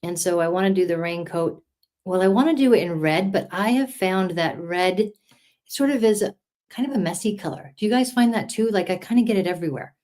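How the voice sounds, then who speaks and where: A woman's voice: fairly low pitch, expressive, brisk, a little mellow. A middle-aged woman in a casual crafting livestream, chatting and encouraging viewers as she colors. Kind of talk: casual live-stream chat while coloring.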